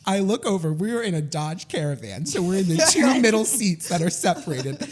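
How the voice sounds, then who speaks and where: A young man co-hosting a podcast, telling a story in a casual, animated way and laughing often. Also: high voice, normal speed. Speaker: podcast co-host.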